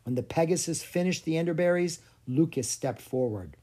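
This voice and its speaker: An expressive storybook narrator with a pitch that swoops and lifts all through the reading. The tone is soft and breathy, with a mid-range voice. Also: normal speed. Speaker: audiobook narrator.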